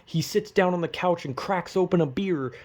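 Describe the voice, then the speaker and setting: A man's voice: sits high, moderate pace, a little mellow. A young man in a casual comedic rant, rambling and swearing, acting out crowd reactions in exaggerated voices. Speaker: vlogger ranting.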